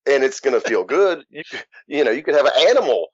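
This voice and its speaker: A frank, outspoken man tells his story in a very lively voice that rises and falls widely. The recording is dull and lo-fi. It sounds dry, with no room in it. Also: medium pitch, quick pace, slightly rough, no room sound. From Louisiana. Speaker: guest, author. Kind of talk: candid interview.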